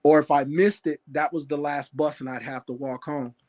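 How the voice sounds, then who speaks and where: A man with a fairly high voice recounts a memory on a call, rambling, full of fillers and restarts. He talks plainly and casually. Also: fairly even intonation, normal speed, a little mellow. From Phoenix area. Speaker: caller sharing a sighting. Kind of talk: casual storytelling. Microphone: phone on a call.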